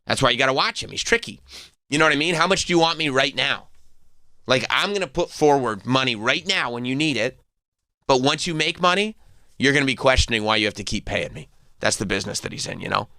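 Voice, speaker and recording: A man's voice: medium pitch, bright, forceful tone, no echo, clean studio sound. A man hosting a radio talk show, chatting casually and riffing at length with strong opinions. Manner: opinionated, rambling, quick to riff.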